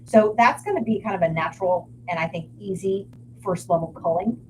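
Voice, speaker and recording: A woman's voice: medium pitch, noisy background. A woman co-hosting a political talk show, speaking casually with frequent restarts and repeated words. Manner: halting, repeats words as she gathers thoughts.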